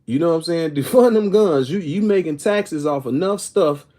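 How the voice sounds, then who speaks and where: Rambling man with a mellow voice. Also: a little high, expressive, moderate pace. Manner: rambling, repeats "you know what I'm saying"; reads viewer comments aloud. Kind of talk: casual opinion talk to viewers.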